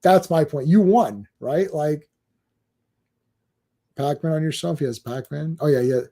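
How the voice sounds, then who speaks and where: A man co-hosting a podcast in casual chat, animated, who acts out other people's complaints in mocking voices. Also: a little high, measured pace. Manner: animated, mimics fans in mocking quoted voices. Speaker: podcast co-host.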